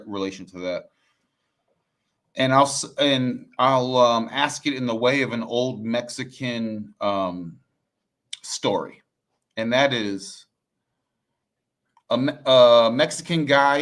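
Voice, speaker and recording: A man's voice: medium pitch, a bit bright. Easygoing man telling a story. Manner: storytelling, chuckles while talking. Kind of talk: casual podcast discussion.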